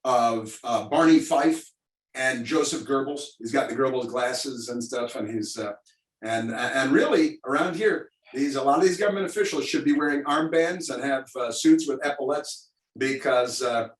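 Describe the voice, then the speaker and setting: Talk radio guy riffing sarcastic political commentary, mid pitch, echoey room, mic set back a bit. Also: moderate pace. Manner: sarcastic, rambling, many fillers. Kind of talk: opinionated political commentary to listeners. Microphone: video call. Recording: roomy, distant mic.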